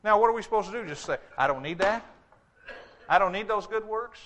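A male preacher delivering a sermon, reading scripture aloud and slowing down hard on key words for emphasis. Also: sits high, lively intonation, a bit bright. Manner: emphatic, slows to stress scripture quotes.

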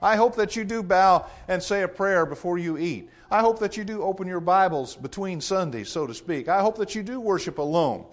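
A man preaching a sermon in an earnest, measured way, repeating phrases for emphasis. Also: sits high, animated.

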